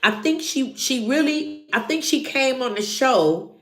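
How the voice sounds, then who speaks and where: A woman's voice: high-pitched, a little slow, roomy sound. A woman hosting a casual recap show, talking animatedly to her viewers and acting out what people said. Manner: animated, acts out quotes, talks to viewers. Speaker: show reviewer host.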